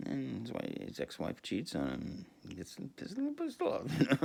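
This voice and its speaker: A man's voice: mid-range voice, wildly swooping pitch, brisk, gravelly, few pauses, a little mellow, husky. A man, rambling through a crude comic monologue full of swearing and laughter. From New York, USA. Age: 50s. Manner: profane, laughing, rambling storyteller.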